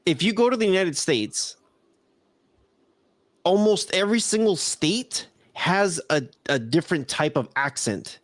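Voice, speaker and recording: A man's voice: sits high, animated, measured pace, no room sound, clean studio sound. A man with a Southern Californian accent, co-hosting a casual live-streamed podcast, rambling and laughing often as he reads out chat messages. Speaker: podcast co-host.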